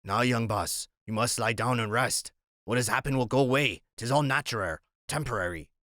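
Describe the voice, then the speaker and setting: A man voicing a calm, protective old West Indian seaman in an audiobook reading. He speaks in a gentle, steady dialect. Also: mid-range voice, normal speed, dry recording, studio quality.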